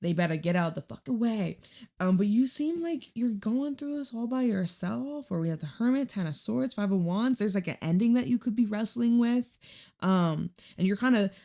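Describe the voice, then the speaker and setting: A woman's voice: mid-range voice, animated, moderate pace, vocal fry, mellow. A woman giving a casual tarot reading, chatty and blunt, circling her points with lots of "like" and "I'm seeing," and swearing now and then. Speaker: tarot reader.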